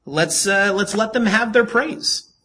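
A man preaching a casual, joking sermon to a congregation and telling Bible stories in a lively, storytelling way. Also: high voice, unhurried, breathy edge. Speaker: pastor.

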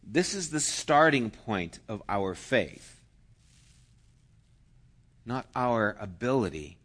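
Slow-preaching man with loud cheering bursts. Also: on the low side. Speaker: pastor. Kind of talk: sermon.

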